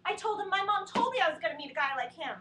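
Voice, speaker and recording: A woman comic rambles through an anxious, self-deprecating stand-up set in a high voice with lively swings of pitch. Her voice is bright, and the webcam sits far off in a roomy studio. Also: racing, very noisy. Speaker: stand-up comedian. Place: small TV studio. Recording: roomy sound from a distant webcam mic.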